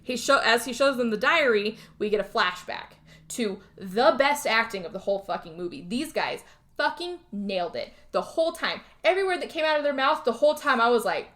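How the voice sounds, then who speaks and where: A woman's voice: on the high side, expressive, a little fast, a bit bright. A woman co-hosting a podcast, casually retelling a film's plot with lots of acted-out lines and some swearing. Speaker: podcast co-host recapping a film. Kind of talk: casual chat.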